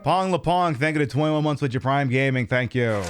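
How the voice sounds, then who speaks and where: A man's voice: medium pitch, a little fast, over music, a crowd in the background. A man hosting a casual live stream, jokey and profane, reading chat names and thanking viewers.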